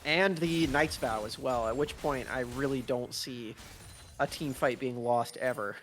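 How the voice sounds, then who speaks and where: A man's voice: medium pitch, a little slow, fairly bright tone, slight background noise. A man giving analytical color commentary on an esports match, chatty and light, often searching for words. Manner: chatty, laughing, fumbling for words.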